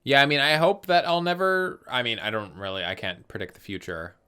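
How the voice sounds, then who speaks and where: Bright, clear-voiced young man telling stories. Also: medium pitch, a little fast. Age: 20s. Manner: animated storytelling, swears freely. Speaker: podcast co-host. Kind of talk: casual chat.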